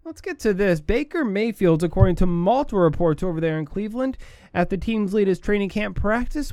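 A man's voice: sits high, a little mellow, dry recording, studio quality. A man hosting a sports talk show, giving opinionated commentary and repeating his points for emphasis.

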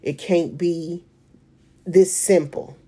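A woman speaks slowly and earnestly as she gives a personal faith testimony, repeating herself and pausing often. Her voice is fairly low and warm, and she talks unhurriedly. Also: steady tone, breathy edge. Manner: earnest, emotional, with repetitions and pauses. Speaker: mother of an autistic son.

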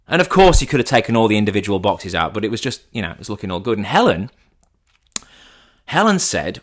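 A man's voice: fairly low pitch, very animated, quick pace. A man in his thirties hosting a podcast, telling a story in a chatty, teasing way. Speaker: podcast host. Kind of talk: comic storytelling.

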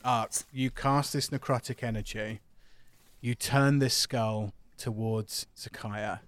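A man's voice: mid-range voice, steady tone, slow, smooth, no room sound. A man narrating a tabletop role-playing game as game master, describing scenes.

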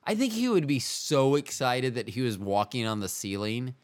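A man hosts a solo podcast in a loose, wandering monologue, often breaking off mid-thought. His voice is smooth and clear at a middling pitch. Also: sing-song, moderate pace. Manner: meandering, self-interrupting, wry. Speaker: podcast host.

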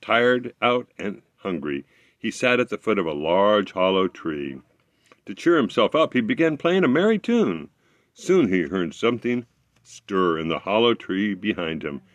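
A man with a low voice reading a fairy tale aloud, his pitch rising and falling with lots of life. He stumbles now and then and corrects himself, recorded close with a dry, deadened sound. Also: no echo. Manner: expressive reading with slips and self-corrections. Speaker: storyteller.

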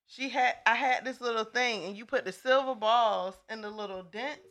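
A woman's voice: a little high, moderate pace, a bit bright. A woman co-hosting a casual chat, talking frankly and reflectively about relationships. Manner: frank, reflective, laughs often. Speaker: podcast co-host.

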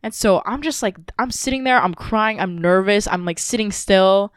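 A woman's voice: mid-range voice, normal speed, clean tone, no echo, clean studio sound. A woman podcast co-host telling a personal story in a casual, emotional, rambling way with lots of fillers.

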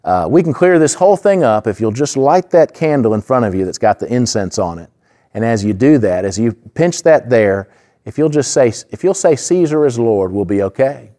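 A pastor voicing a coaxing Roman official. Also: male voice, medium pitch, lively intonation, moderate pace, dark tone, natural voice. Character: stern Roman official pressing a Christian.

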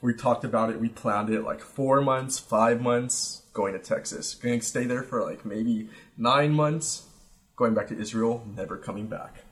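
A young man in an easygoing podcast chat, spinning a rambling, profane story full of "like" and "you know". His pitch sits in the middle range. He slips in quoted voices as he goes. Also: measured pace. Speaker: podcast guest.

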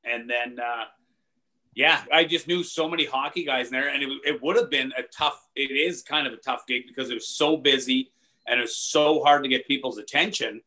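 A man with a bright, forward voice tells stories in a casual chat. He rambles loosely, swears freely and laughs as he goes. His pitch stays in a middle range. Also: normal speed. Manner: loose, profane anecdotal storytelling with laughs. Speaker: comedian guest.

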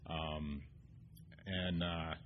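A man telling his recovery story at a meeting, earnest and halting, full of ums and restarts. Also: a bass voice, level tone, narrow, tinny audio. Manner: earnest, getting choked up. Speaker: AA meeting speaker. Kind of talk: personal recovery share. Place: meeting room.

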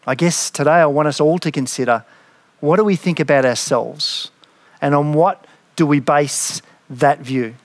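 A man's voice: a little high, moderate pace, dry recording. Earnest man preaching a sermon, dry sound. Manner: earnest, reflective preaching with dramatic scripture reading. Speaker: pastor.

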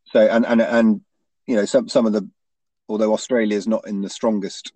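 Hesitant man, low dry voice. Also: level tone, normal speed, warm tone, dry recording. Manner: hesitant, many restarts and tag questions. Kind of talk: casual rugby chat.

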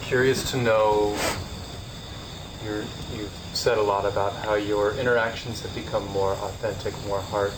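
A man hosting an interview and asking measured, curious questions. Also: lowish voice, fairly even intonation. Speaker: host. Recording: distant mic with loud hiss.

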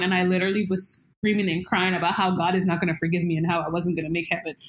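A young woman telling a story in casual chat, animated, jumping into high squeals when she acts out her panic. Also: fast talker, hardly any pauses, roomy sound.

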